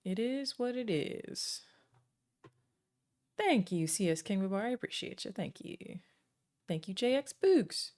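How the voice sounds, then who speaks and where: An Australian woman chats casually with her stream viewers, thanking them by name between stretches of talk dotted with frequent "um" pauses. Her mid-range voice is animated with a darkish tone.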